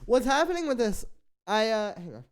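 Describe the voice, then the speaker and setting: A man's voice: high voice, very animated, moderate pace. A young man who produces music, giving loose, filler-heavy feedback on tracks in a casual live stream. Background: faint music from played tracks.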